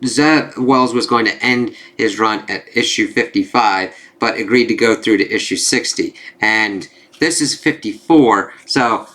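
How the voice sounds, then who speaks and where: A man's voice: fairly low pitch, a little slow, hardly any pauses, bright, forceful tone. A young man talking casually in a rambling video review, swearing freely and filling gaps with "like". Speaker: comic book reviewer.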